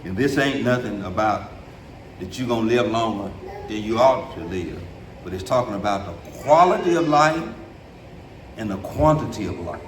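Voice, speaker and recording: A middle-aged male pastor preaching a sermon in a church, talking in a loose, colloquial way and swinging from low, quiet stretches up to shouted peaks. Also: expressive, normal speed, far from the mic, a little hiss or hum. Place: church sanctuary. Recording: echoey room, preacher off the mic.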